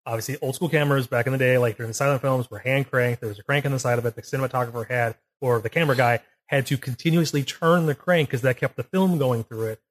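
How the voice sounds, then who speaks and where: A man's voice: medium pitch, fast, hardly any pauses. A man co-hosting a casual film podcast, rambling and restarting as he explains camera technique. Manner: rambling, self-correcting, explains technical detail. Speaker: podcast co-host. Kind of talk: casual chat. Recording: poor audio, uneven levels.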